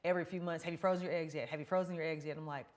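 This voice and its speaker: Woman host with a deep low voice, candid and chatty, telling her own stories. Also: fairly even intonation, rapid-fire, a little mellow. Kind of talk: casual conversation.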